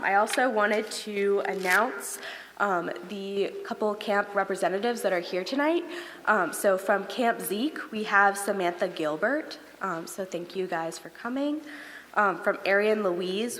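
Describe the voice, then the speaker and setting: A woman speaks to a synagogue congregation at an ordinary, mid-range pitch, thanking volunteers and guests. Her delivery is friendly and full of "um" fillers. Her voice carries a long reverb from a large sanctuary, with faint room noise underneath. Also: a little slow, fairly bright tone. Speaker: camp program leader. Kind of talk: congregation announcements.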